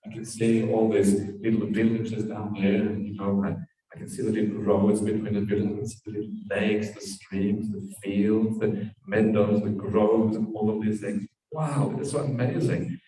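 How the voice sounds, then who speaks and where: A man voicing an excited friend who marvels at the view from a hilltop and calls down to his companion. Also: lowish voice, normal speed, natural voice. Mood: amazed. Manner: wide-eyed, marveling exclamations. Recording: distant mic in an echoey room.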